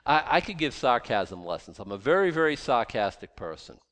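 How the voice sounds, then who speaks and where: A man teaches from scripture in loose, conversational talk, his pitch leaping up and dropping down as he goes. He trips over restarts and leans on sarcasm to make his point. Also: moderate pace. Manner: animated, sarcastic asides, frequent restarts. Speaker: Bible teacher.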